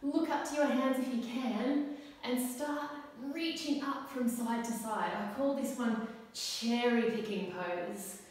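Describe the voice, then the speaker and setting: A young woman leads a children's yoga class with gentle, encouraging cues, taking her time over every instruction. Her voice comes from across a big, echoey hall with a long ring of reverb. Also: on the high side, takes it slowly, distant mic. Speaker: kids' yoga teacher.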